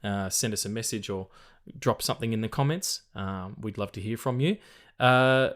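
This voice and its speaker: A man's voice: fairly low pitch, normal speed, fairly bright tone. A man hosting a casual film podcast, chatty and swearing freely as he reads out trivia. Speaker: podcast host.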